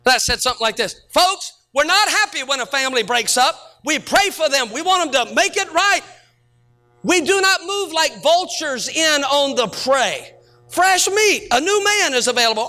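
A middle-aged man preaching as a pastor, telling stories to his congregation and rising to shouted peaks. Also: very high-pitched, expressive, normal speed. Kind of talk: sermon.

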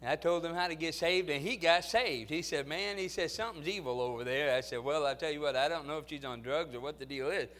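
Male pastor with a high voice. Storytelling sermon, quiet anecdotes building to fervent, loud exhortation. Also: fast talker, few pauses.

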